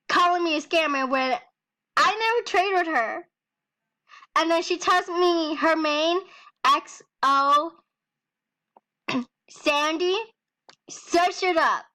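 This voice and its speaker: A woman's voice: sits high, sharp tone. A teenage girl ranting angrily in a vlog, swearing and breaking into nervous laughs. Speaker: vlogger. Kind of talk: angry rant vlog.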